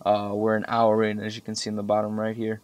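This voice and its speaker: Over footage of a strategy game, a young man rambles through loose, profanity-filled commentary, growing heated as he remembers the maddening parts. He speaks fast in a lowish voice, and the recording sounds muffled.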